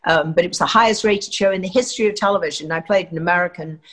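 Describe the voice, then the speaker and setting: A woman's voice: fairly low pitch, racing, a bit bright, breathy edge. An older woman from England with a standard southern English accent, telling stories from her acting career with many fillers and restarts. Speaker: actress guest. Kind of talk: anecdotal interview talk.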